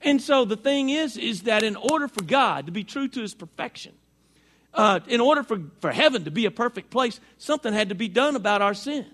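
A man's voice: very high-pitched, expressive, fairly quick, a bit bright. A middle-aged male pastor preaching a sermon in a folksy, chatty way, his voice strained by allergies and talking back and forth with the congregation.

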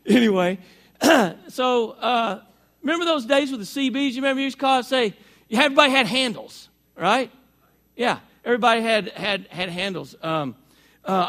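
High-voiced pastor with an allergy-strained voice. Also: male voice, fairly bright tone. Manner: folksy, chatty, talks with the congregation. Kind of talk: sermon.

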